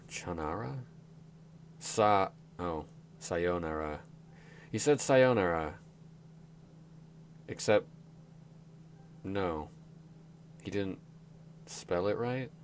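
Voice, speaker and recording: Deep-voiced man, hesitant game commentary. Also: animated, extremely slow, long pauses, a little hiss or hum. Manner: hesitant, self-deprecating, sounding out words. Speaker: gaming YouTuber. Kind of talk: let's play commentary.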